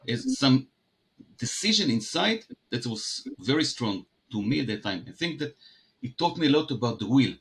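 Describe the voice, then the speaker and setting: A man's voice: mid-range voice, sing-song, creaky, a bit bright. A man from Israel with an Israeli accent, a guest entrepreneur telling stories in an interview, often restarting his sentences. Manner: halting, many restarts and fillers. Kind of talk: conversational interview.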